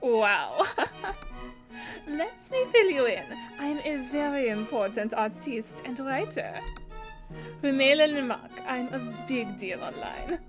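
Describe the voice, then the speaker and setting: A woman's voice: high voice, big pitch swings, slow, over music, heavily acted. A woman voicing a snobbish female troll artiste with a put-on French accent, drawling and self-important in a live fan dub. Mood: haughty. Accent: attempted French.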